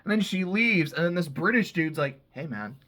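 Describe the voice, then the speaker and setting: This TV show reviewer has a high-pitched, bright, forceful voice with lively intonation, speaking at normal speed. He recaps episodes casually, cursing freely and saying "like" over and over.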